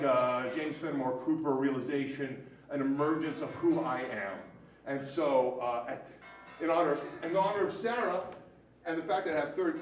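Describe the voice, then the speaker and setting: Male storyteller, rambling and profane, live onstage, higher voice, roomy distant sound. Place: stage at a live storytelling show. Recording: echoey room, mic at a distance, faint noise.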